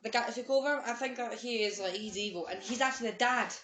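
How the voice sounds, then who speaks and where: A woman's voice: fairly high pitch, fairly even intonation, fast, fairly bright tone. A woman chatting casually and enthusiastically about a film she reviewed. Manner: enthusiastic, gushing. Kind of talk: casual chat. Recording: echoey room.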